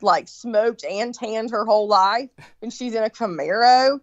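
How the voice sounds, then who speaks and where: A woman telling a story in casual chat, swearing freely and animated, with lots of fillers and restarts. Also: a little high, unhurried, no room sound. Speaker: guest recounting a story. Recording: dull lo-fi sound, dry.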